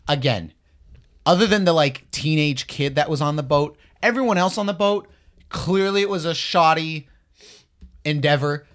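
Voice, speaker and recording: A man's voice: fairly high pitch, moderate pace, fairly bright tone. A man from Canada co-hosting a casual podcast, talking in a blunt, profane and emphatic way. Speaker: podcast co-host.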